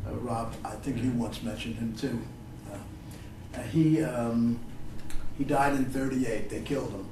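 An older man giving a poetry reading, chatting haltingly between poems and reciting them with feeling. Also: mid-range voice, a little hiss or hum. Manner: halting, filler-laden talk between expressive recitations. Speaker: poet. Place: reading venue with an audience. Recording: roomy echo, distant mic.

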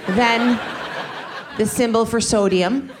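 A woman's voice: fairly high pitch, steady tone, takes it slowly, background noise. A woman in her thirties doing a stand-up comedy set, chatty, laughing through her punchlines. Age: 30s. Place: comedy venue stage.

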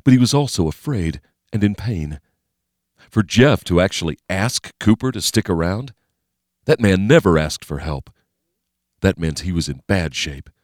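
Deep male narrator, steady and measured, dry close-mic sound. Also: no room sound. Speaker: audiobook narrator. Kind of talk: scripted narration.

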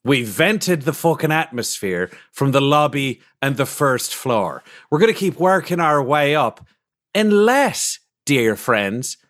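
A man's voice: mid-range voice, sing-song, slow pace, fairly bright tone. A man voicing a defiant rebel leader delivering an ultimatum. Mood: menacing. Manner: menacing broadcast ultimatum. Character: defiant male rebel leader making demands.

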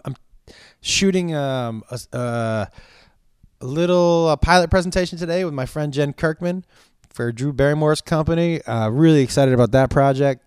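A man's voice: medium pitch, clear, resonant tone, no room sound, clean studio sound. A man hosting a podcast, chatting casually through listener questions, drawing out his vowels and rambling with many restarts. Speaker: podcast host; stand-up comedian.

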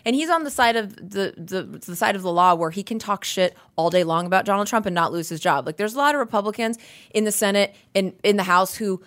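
A woman's voice: medium pitch, brisk, a bit bright. Profane, emphatic woman podcast host. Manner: profane, emphatic, repetitive hammering. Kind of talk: casual political rant.

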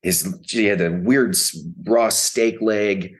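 A man appearing as a podcast guest, chatting casually in a relaxed, rambling way full of restarts. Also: on the low side, slow pace. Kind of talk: casual chat.

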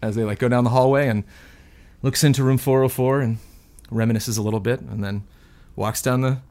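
Man telling an improvised story, halting. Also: medium pitch, steady tone, a little mellow. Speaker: tabletop role-play player.

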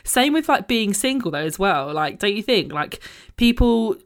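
A woman's voice: mid-range voice, big pitch swings, moderate pace. A woman hosting a podcast in a casual chat, frank and swearing freely. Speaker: podcast host.

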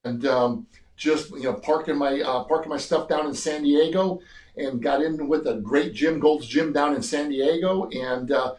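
An older man in his sixties spins stories from his bodybuilding days, slipping into the voices of the people he quotes. His voice sits a touch high. The room adds a noticeable echo. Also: normal speed. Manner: animated storyteller, acts out quoted voices. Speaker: guest, former TV gladiator and bodybuilder. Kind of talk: casual interview storytelling.

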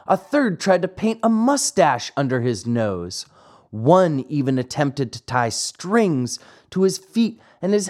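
A man narrating a classic fairy tale audiobook in a slow, expressive storytelling manner. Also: a little high. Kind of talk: scripted narration.

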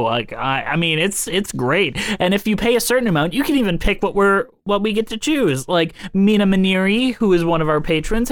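A woman's voice: lowish voice, no echo, studio quality. A woman co-hosting a casual podcast, chatty and giggly, rambling with restarts. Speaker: podcast co-host.

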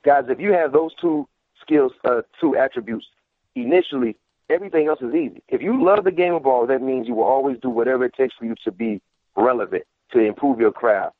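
A man's voice: medium pitch, a little fast, no echo. Ex football player guy calling in, phone line sound, fires up and mimics trash talk. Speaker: former pro football player turned analyst. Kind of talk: casual sports talk.

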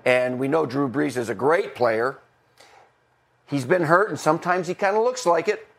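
A man's voice: fairly high pitch, normal speed, vocal fry. A middle-aged former football coach chatting on a podcast, talkative, laughing often and restarting his sentences. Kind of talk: casual podcast chat.

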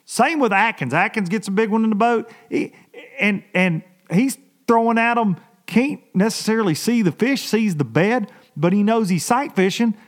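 A man hosts a fishing podcast in a casual, exasperated rant. His voice sits high for a man and swings widely in pitch as he tells the story. He talks in a folksy, animated way. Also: moderate pace.

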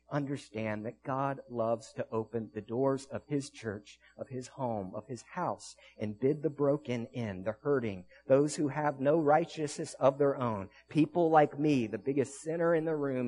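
A man preaching as pastor, telling stories with earnest conviction and frequent restarts. His voice sits at an ordinary middle pitch. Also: mellow. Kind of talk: sermon.

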